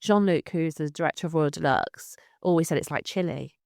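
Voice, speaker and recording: A woman director of culture being interviewed, talking in a lively way and often repeating words as she restarts her sentences. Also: sits low, brisk, creaky, dry recording, studio quality. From England. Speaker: city culture director, guest. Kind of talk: conversational interview.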